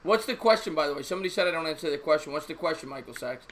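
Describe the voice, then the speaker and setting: A man's voice: on the high side, animated, rapid-fire, fairly bright tone. A man co-hosting a casual live sports talk stream, telling a rambling joke and reading out viewer messages. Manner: rambling, repeats himself, tells jokes.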